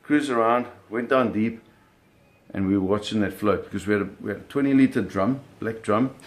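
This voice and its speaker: A man telling a personal story in an animated, vivid way, often restarting his phrases. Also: fairly low pitch, brisk.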